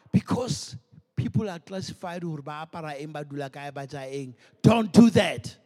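A man's voice: sits high, long reverb tail. A male pastor preaching an emphatic sermon, switching between Sesotho and English, in a church.

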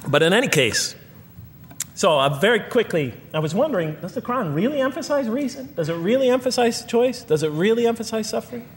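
A man's voice: high voice, very animated, a little fast, a little hiss or hum. A man giving a public lecture, earnest and rhetorical, counting off points one by one. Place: lecture hall. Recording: lecture hall with long reverb.

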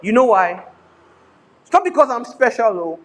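A middle-aged Nigerian man with a Nigerian accent, preaching a sermon as pastor, animated and slipping into pidgin with frequent laughter. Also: very high voice, normal speed, a little hiss or hum.

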